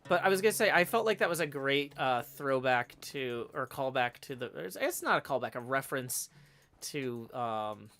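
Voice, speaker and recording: A man's voice: mid-range voice, animated, normal speed. A man hosting a live stream in casual chat, rambling with many fillers and restarts. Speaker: streamer host. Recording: loud guitar music behind.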